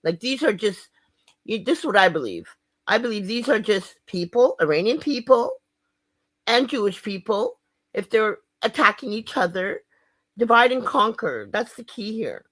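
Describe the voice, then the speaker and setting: A woman sounds off in a fired-up spoken-word rant, swearing freely and pressing each point hard. Her pitch leaps and swoops all over the place, and the recording sounds dry and close. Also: lively intonation, moderate pace, fairly bright tone, no room sound. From Canada. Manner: profane, fired-up and emphatic. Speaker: vlogger.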